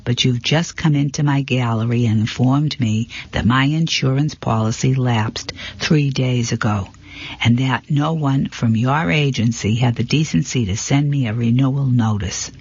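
Guy reading dramatic upset gallery owner, husky voice, kinda dull lo-fi audio. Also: medium pitch, moderate pace. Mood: indignant. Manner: emphatic, indignant delivery. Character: distraught male gallery owner, proud and dramatic. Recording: dull lo-fi recording.

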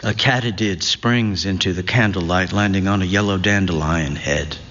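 A man reading literary fiction aloud in a slow, measured, reflective way, his voice at an ordinary pitch. The recording is dull and slightly muffled, and a long reverb trails behind each phrase. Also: fairly bright tone. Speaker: narrator.

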